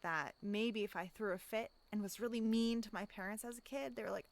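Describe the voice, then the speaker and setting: A woman speaking as a life coach in a casual self-help monologue, reflective, often checking in with "right?" and pausing for audible deep breaths. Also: gravelly. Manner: acts out inner voices in quotes.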